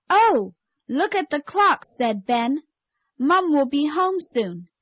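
Woman reader for a learner storybook, slow, slightly high voice, dull dry tape sound. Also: fairly bright tone, no room sound. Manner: clear, measured storybook delivery.

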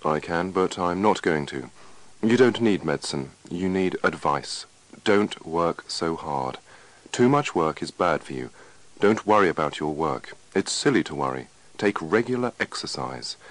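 A man voicing a calm, firm male doctor in a scripted dialogue reading, giving reassuring, instructive advice. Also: low voice, measured pace, no echo, poor audio.

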